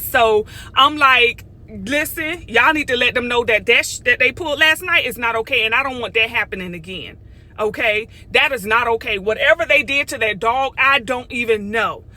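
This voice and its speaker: A middle-aged woman, telling a story in a casual vlog, animated and sassy, talking straight to her viewers. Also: a little high. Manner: animated, sassy, talks straight to viewers with lots of "okay?" and "y'all". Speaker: vlogger.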